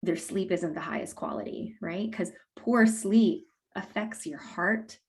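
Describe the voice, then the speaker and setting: A woman talking as a guest expert in a casual interview, explaining in a lively way and acting out what parents say. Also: mid-range voice, a little slow. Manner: animated, acts out quoted parents with laughs. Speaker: guest expert on mouth breathing.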